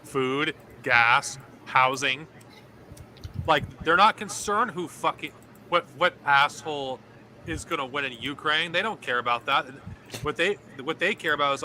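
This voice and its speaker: A man's voice: a little high, measured pace, sharp tone, a little hiss or hum. A man on a political voice call, stammering and repeating himself as he makes a point. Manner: stammering, repetitive. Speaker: voice-call guest. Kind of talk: casual political voice-call chat.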